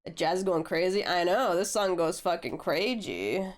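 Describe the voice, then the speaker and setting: A young woman art streamer chatting casually with viewers while she draws, a little hoarse as she gets over a flu, laid-back and swearing freely. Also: on the low side, animated, moderate pace.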